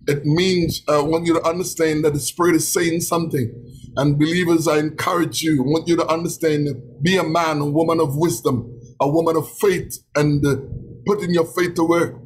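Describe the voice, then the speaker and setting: A man's voice: high-pitched, fairly bright tone, breathy edge, rough recording. A man with a Trinidadian accent preaching a sermon, impassioned and emotional, with many repeated exclamations of praise. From Trinidad and Tobago.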